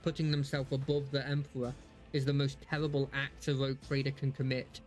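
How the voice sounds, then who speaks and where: A man's voice: medium pitch, level tone, brisk, darkish tone, soft background music, lightly acted. A man reading aloud the lines of a ruthless, cruel woman judge in a game, in a solemn, formal way. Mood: repentant.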